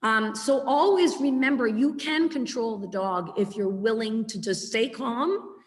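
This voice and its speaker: A woman giving a chatty, animated webinar lecture as a dog trainer over a video call. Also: on the high side, a little slow, in a large hall.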